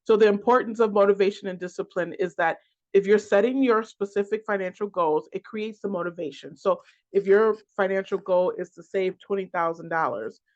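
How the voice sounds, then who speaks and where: A financial coach giving a class lecture, working through a list of points in a halting way with restarts and repeated words. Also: mid-range voice, darkish tone. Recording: dull lo-fi recording.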